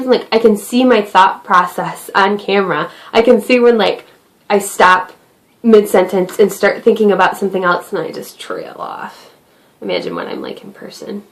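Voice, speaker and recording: A woman's voice: mid-range voice, low-quality recording. A woman vlogging at home in a casual, rambling talk to camera, chatty and self-deprecating.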